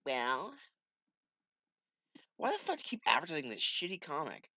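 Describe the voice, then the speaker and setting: Brief: crude, mocking comic-reading host, lively pitch, dry lo-fi home recording. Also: male voice, moderate pace, no room sound. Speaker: comic reader, channel host. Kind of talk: casual comic read-along.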